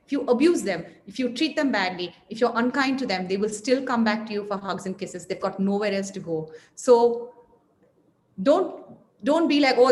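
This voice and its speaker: A woman guest speaker giving parenting advice in an earnest, emphatic, expressive way over a video call. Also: mid-range voice. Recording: echoey room, faint noise.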